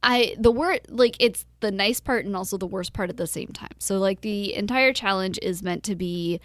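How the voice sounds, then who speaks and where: A woman's voice: mid-range voice, moderate pace, a bit bright, no echo. A woman co-hosting a podcast in casual chat, rambling with lots of fillers and acting out her own quotes. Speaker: podcast co-host.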